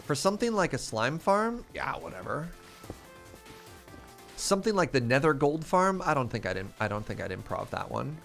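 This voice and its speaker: A man's voice: medium pitch, very animated, moderate pace, creaky, a bit bright, faint music behind. A man chatting casually on a live stream while gaming, answering chat questions, telling stories and laughing often. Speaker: streamer playing a modded block-building game.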